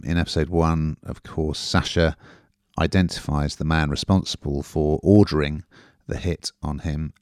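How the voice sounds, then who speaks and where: A man's voice: low-pitched, a little mellow, dry recording, clean studio sound. A man hosting a podcast, reviewing a TV drama in a chatty, rambling way. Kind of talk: casual review chat.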